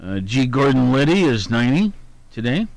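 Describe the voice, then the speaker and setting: A radio host with a gravelly, mid-range voice swings widely in pitch at a moderate pace, with no echo. In casual on-air chat he meanders through the day's anniversaries and birthdays, humming filler syllables and correcting himself aloud.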